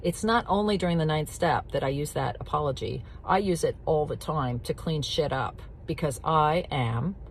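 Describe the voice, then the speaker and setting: A woman's voice: low-pitched, normal speed, hardly any pauses, slight background noise. A middle-aged woman coaching addiction recovery, talking bluntly and directly, with emphatic repetition and casual swearing. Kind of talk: casual teaching talk to camera.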